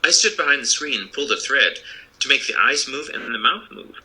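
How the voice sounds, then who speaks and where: An American man voicing a meek little humbug wizard, talking in a quavering, hushed voice that often drops to a whisper. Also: medium pitch, lively intonation, brisk, poor audio. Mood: confessing.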